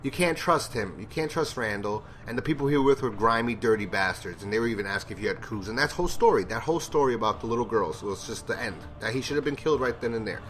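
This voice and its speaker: A man's voice: medium pitch, lively intonation, fast talker, hardly any pauses, a bit bright, faint music behind. A man giving a casual, rambling TV episode review, blunt and profane in his opinions. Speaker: TV show reviewer.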